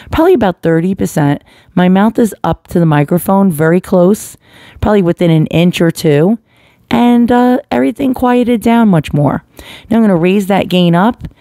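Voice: mid-range voice, mellow, dry recording, clean studio sound. A product reviewer at home, talking casually and bluntly while testing a desktop condenser microphone at varying distances. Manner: chatty, blunt, swears casually. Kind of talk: casual microphone test demo. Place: at home near household appliances. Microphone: desktop USB condenser mic, distance changing.

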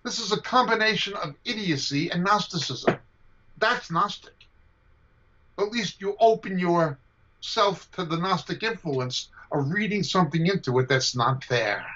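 A combative man lecturing on scripture, his voice high and sharp as he drives each point home and repeats it for weight. It comes through a dull, lo-fi video call line. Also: expressive, a little slow. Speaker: Bible teacher. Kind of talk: emphatic teaching answer to a question.

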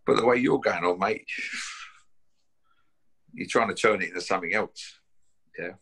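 Bloke calling someone out, low voice but sharp and punchy, swearing loads. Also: male voice, moderate pace, gravelly, husky. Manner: blunt and combative, swearing, keeps tagging "yeah?" and "mate". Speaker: bare-knuckle fighter issuing a challenge. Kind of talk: confrontational call-out to camera.

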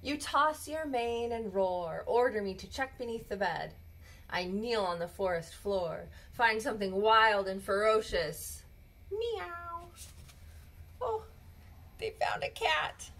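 A woman reading a children's bedtime story aloud in a gentle, expressive storybook manner. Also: medium pitch, a little slow.

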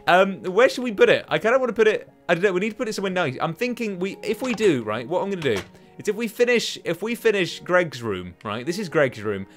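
Lively rambling young man gaming. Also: high voice, quick pace, soft background music. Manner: rambling, talks to himself and taunts enemies. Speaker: gaming channel host. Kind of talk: let's play commentary. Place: at home. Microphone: desk microphone.

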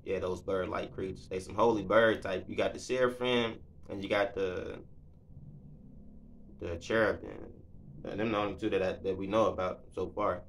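Male Bible teacher, lowish voice, folksy and excitable, laughs a lot, restarts his sentences. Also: normal speed, slight background noise. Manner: folksy, conversational. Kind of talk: casual Bible reading and commentary.

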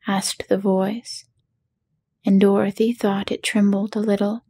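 A woman narrating an audiobook in a soft, hushed bedtime whisper. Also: mid-range voice, flat delivery, unhurried, husky. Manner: hushed and soothing.

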